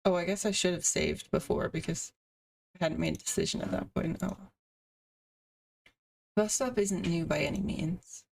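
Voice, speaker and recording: Woman streamer, gravelly voice, far from mic, plain narration with casual asides. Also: fairly low pitch, moderate pace, pauses often, a little mellow. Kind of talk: reading a visual novel aloud with asides.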